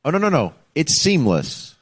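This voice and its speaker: A man's voice: on the high side, normal speed, husky, no echo. Chatty man telling a story. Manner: animated storyteller, acts out quoted voices. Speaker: podcast co-host. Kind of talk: casual storytelling chat.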